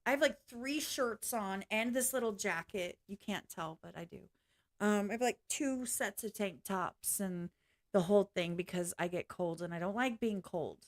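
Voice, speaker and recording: A woman's voice: medium pitch, moderate pace. A woman vlogging in a casual, rambling way, apologizing often and swearing now and then. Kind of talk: casual reaction vlog chat.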